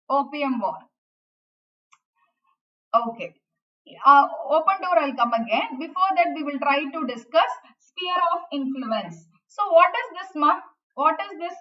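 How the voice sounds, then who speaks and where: A woman with an Indian English accent teaching a history lecture, animated and often asking her students questions. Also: high-pitched, distant mic, muffled recording. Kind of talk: online exam-prep lecture.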